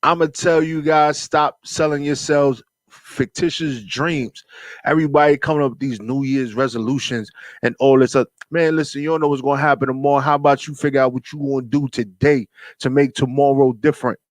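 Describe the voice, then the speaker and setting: A laid-back man, hosting a radio talk show and preaching in street slang. His voice sits at an ordinary pitch, recorded close and dry with no room sound. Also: fairly even intonation, fairly quick, dry recording.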